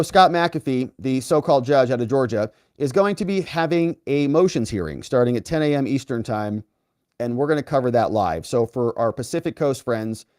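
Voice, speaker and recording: A man hosting a live legal commentary stream, animated and moving around as he talks, wrapping up with big rallying calls to his viewers. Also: medium pitch, no echo, clean studio sound. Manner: animated, moves around a lot while talking; big rising sign-off calls to the audience. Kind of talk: casual live-stream sign-off with viewer chat. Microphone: earpiece with separate mic, dry sound.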